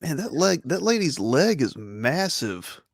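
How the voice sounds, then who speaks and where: A man's voice: a little high, very animated, a little slow, vocal fry, no room sound, studio quality. A man co-hosting a casual podcast, chatty and joking. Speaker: podcast co-host. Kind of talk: casual chat.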